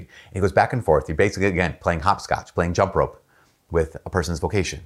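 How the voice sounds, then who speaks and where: A man speaking as a Catholic priest in a casual faith talk, telling stories in a chatty way and raising his voice to act out the people he quotes. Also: racing. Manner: storytelling, jumps up in pitch to act out quoted people; relaxed, chatty, with frequent fillers and restarts.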